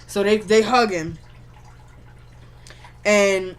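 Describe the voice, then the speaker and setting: Slangy and conversational, this TV recap vlogger walks through an episode, animatedly performing the characters' lines as she tells it. She speaks in a mid-range voice at normal speed. A little hiss or hum is audible.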